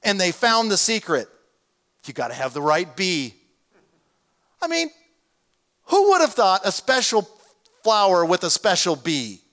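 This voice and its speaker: Emphatic preaching man with a higher voice. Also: very animated, a little slow, pauses often, a bit bright. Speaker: pastor. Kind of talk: sermon.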